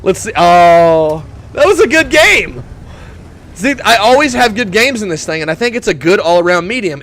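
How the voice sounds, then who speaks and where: A young man commenting on his own tank gameplay in a put-on gruff voice, excitable and quick to whoop and laugh. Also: high voice. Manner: talks in a put-on gruff tanker voice. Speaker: gaming YouTuber.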